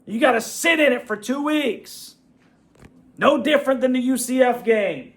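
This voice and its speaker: A man's voice: very high-pitched, expressive, normal speed, fairly bright tone. A man venting in a fired-up fan reaction rant as the channel's host, repeating himself and dropping "bro" and "man". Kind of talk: ranting fan reaction vlog.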